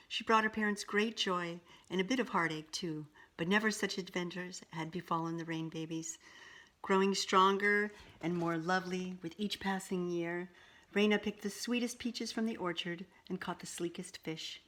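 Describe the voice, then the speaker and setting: Lower-voiced woman reading a picture book. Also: steady tone, fairly bright tone. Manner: pauses to show pictures to a listener. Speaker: storyteller.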